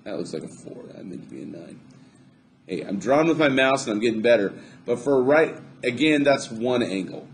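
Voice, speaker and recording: A man's voice: medium pitch, lively intonation, a little fast, a little hiss or hum. A man teaching a recorded math lesson, chatty and upbeat, joking to himself as he draws on screen. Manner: upbeat, chatty, jokes to himself while drawing.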